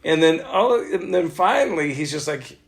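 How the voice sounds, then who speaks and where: A middle-aged man, a voice actor, telling a story in a casual interview, animated and laughing as he acts out what others said. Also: a little high, normal speed. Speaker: voice actor guest.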